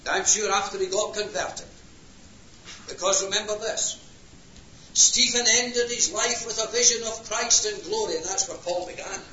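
A preacher delivering an impassioned sermon, swinging between hushed and loud passages. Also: male voice, sits high, moderate pace, a little hiss or hum. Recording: lo-fi roomy hall recording.

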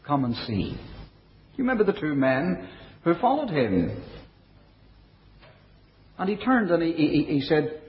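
Lively-voiced man preaching, lo-fi recording. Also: fairly high pitch, a little hiss or hum. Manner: measured preaching, quoting scripture in older English. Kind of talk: sermon. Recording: dull, lo-fi recording.

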